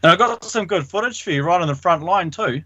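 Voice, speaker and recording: New man, bright tense voice, eager, dry dull lo-fi line. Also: sits high, lively intonation, a little fast, no room sound. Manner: eager, laughs often, fillers like "like". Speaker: radio show guest, activist. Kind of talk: casual radio chat.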